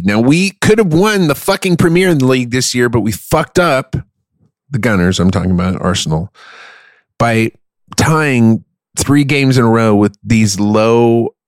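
A man's voice: fairly low pitch, no echo. Man, podcast co-host, casual chat, swears a lot, jokey, dry sound. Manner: swearing, jokey, does mock accents.

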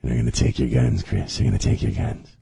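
A man's voice: extremely low pitch, very animated, quick pace, gravelly, background noise. A male radio host in casual on-air banter, teasing and sarcastic, often laughing. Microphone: studio microphone.

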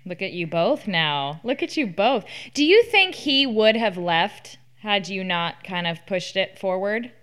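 A young woman hosting a casual talk show, her pitch swinging up and down as she chats. She teases her guest and presses her with playful questions. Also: lively intonation, measured pace, few pauses, a bit bright. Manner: teasing, coaxing questions. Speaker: podcast host. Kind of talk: casual chat.

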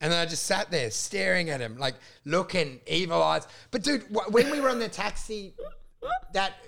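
A man, a comedian telling sweary, animated stories in casual chat on a podcast. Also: high-pitched, moderate pace, creaky. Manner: animated storytelling, sweary, laughing.

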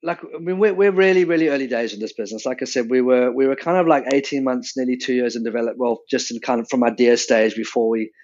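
A man's voice: medium pitch, fast, hardly any pauses, a little mellow. Rambling man, slightly dull sound. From Australia. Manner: rambling, with many restarts and "like". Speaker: co-founder of a drinks business. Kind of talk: casual chat.

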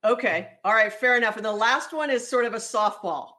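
A woman's voice: on the high side, brisk, pushed and bright. A woman hosting an interview podcast, upbeat and friendly as she talks with her guest. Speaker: podcast host. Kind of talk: hosted interview.

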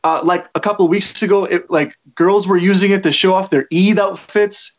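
A man, a musician guest telling his story in casual interview chat, relaxed and rambling with many fillers. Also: high voice, fairly quick, soft background music. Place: lives in Toronto.

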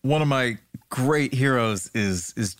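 A man's voice: medium pitch, slow, no room sound, clean studio sound. A man interviewing a guest, asking eager questions and reacting with short interjections.

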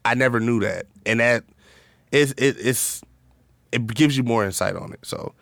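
A relaxed man chatting casually on a podcast, laughing easily and working his thoughts out aloud. His voice sits at an ordinary middle pitch. The recording is dry and close-miked. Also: moderate pace, vocal fry, dry recording. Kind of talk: casual chat.

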